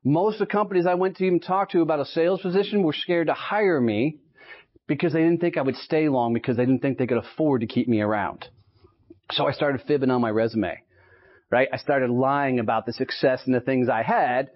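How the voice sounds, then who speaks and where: This fairly quick, mid-range male voice comes from a Texan sales speaker in his late thirties, rallying an association meeting audience. He tells short, punchy stories and regularly checks in with "right?" The sound is that of a dull, lo-fi live speech recording.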